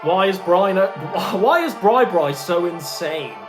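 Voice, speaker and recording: A man's voice: high voice, animated, takes it slowly, music in the background. A man casually rambling and boasting as he wraps up a livestream, mocking and chatty. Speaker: streamer.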